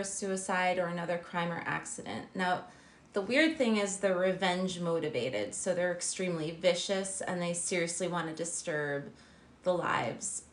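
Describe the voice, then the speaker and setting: A woman's voice: on the low side, roomy sound. A woman co-hosting a casual podcast, reading out folklore entries with frequent ums and laughter. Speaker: podcast co-host. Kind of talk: casual chat.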